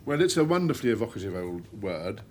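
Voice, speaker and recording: A man guest on a panel game, giving a definition in a measured way. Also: on the low side, big pitch swings, a little mellow, a little hiss or hum. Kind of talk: storytelling a definition.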